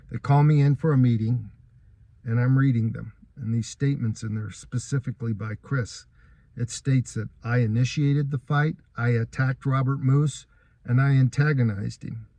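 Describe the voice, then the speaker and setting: A man's voice: mid-range voice, steady tone, normal speed, mellow, dry recording. An earnest, aggrieved man recounting events. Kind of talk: first-person account of a court case.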